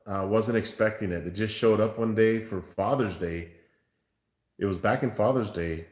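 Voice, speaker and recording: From Far West Texas, this barbecue show host chats casually with viewers on his livestream, calling them "man" and "bro" in a laid-back way. His voice is lowish and darkish, he speaks at a moderate pace, and the room is echoey.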